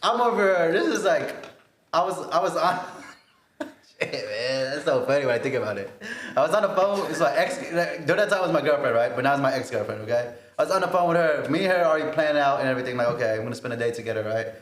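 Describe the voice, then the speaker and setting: A man's voice: on the high side, fast talker. Laughing twenties man, roomy sound. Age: 20s. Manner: animated storytelling, often laughing. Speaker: podcast co-host. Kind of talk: casual podcast chat.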